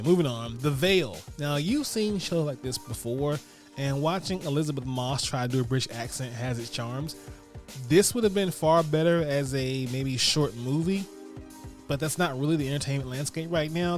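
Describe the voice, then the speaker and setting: A man hosting his own podcast, slangy and full of hype as he talks straight to his listeners. His voice sits in a middling pitch, with soft music playing faintly under it. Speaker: podcast host. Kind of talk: casual podcast chat and rapid review rundown.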